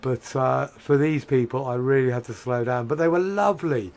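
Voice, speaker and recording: A man's voice: medium pitch, moderate pace, darkish tone. An English man streaming a game, chatting with a friend and telling stories about his old job. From England. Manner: chatty, storytelling. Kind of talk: casual gaming chat.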